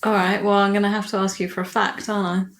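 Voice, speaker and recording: A woman's voice: medium pitch, level tone, quick pace, fairly bright tone, roomy sound. A woman hosting a podcast, asking short, curious questions in casual chat. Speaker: podcast host.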